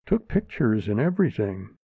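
A man's voice: lowish voice, very animated, normal speed, breathy edge, dry recording, exaggerated voice. A man voicing a chatty, amused older man in a storybook reading. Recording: narrow phone-like sound, dry.

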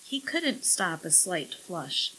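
A woman narrating an audiobook in a wry, measured storytelling manner. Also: lowish voice, big pitch swings, sharp tone, a little hiss or hum, poor audio.

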